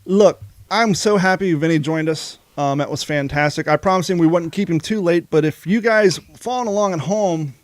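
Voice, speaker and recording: A man's voice: on the high side, moderate pace, hardly any pauses, dry recording. A man co-hosting a podcast, talking casually and rambling with frequent restarts. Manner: rambling, self-interrupting. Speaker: podcast co-host.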